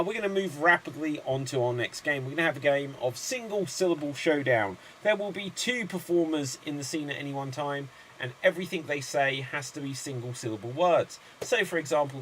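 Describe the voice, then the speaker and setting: A man hosting an online improv show, briskly announcing games and rattling off long chains of names. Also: on the high side, fairly bright tone, a little hiss or hum.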